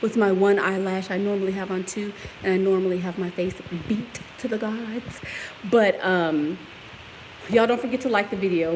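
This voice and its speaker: In a mid-range voice, the vlogger keeps up her casual, sassy chat, laughing frequently and firing back at commenters as she roams the house and yard. The recording is low-quality and homemade, with clear background noise.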